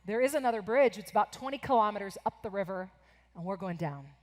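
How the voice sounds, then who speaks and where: A woman voicing a calm, patient male trekking guide in a lower, matter-of-fact voice, in an echoing hall. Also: quick pace.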